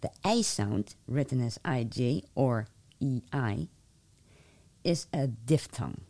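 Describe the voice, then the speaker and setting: A woman's voice: extremely low pitch, animated, slow pace, dark tone. A woman, a language teacher hosting an interview and explaining pronunciation patiently. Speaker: Dutch language teacher and host.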